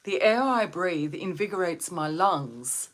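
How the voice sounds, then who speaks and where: A woman's voice: lowish voice, lively intonation, unhurried. A woman hosting a live stream on wellbeing, talking to viewers in a soothing, reflective way and asking them questions. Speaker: meditation and wellbeing host.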